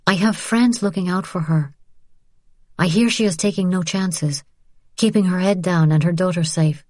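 A woman doing a determined young resistance courier in an audiobook, a bit higher than the narration, quiet and firm. The sound is dark and dry, close up. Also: moderate pace, no echo, natural voice. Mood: hopeful. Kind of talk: audiobook character voice.

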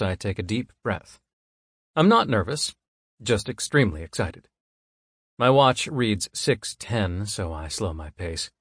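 A man reading a first-person story in an even, measured manner. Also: on the low side, dry recording, studio quality. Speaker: audiobook narrator. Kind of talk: first-person scripted narration.

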